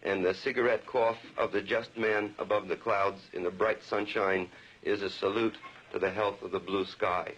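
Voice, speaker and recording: A man's voice: lowish voice, steady tone, moderate pace, a bit bright, slightly rough. Man chanting a poem, dull old recording. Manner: incantatory, rhythmic chanting of repeated lines. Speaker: poet. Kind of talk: poetry reading.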